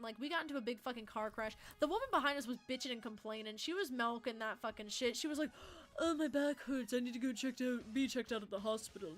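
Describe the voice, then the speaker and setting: A young woman, streaming and telling a story in a profane, animated, dramatic rant. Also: on the high side.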